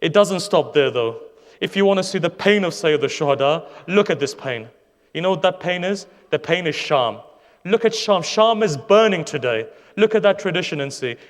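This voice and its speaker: A man with a high voice delivers an impassioned sermon and tells a story with drama. His words ring out through a large hall with a long reverb trailing each phrase. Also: expressive, normal speed. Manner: impassioned storytelling, dramatic retelling with quoted speech. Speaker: preacher. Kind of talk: Muharram majlis sermon.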